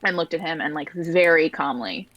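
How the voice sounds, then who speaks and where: A woman's voice: deep voice, normal speed, no room sound, muffled recording. A woman playing a tabletop role-playing game, describing her character's actions with many hesitations and likes. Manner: hesitant, full of likes and restarts. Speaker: player. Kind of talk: casual role-play talk.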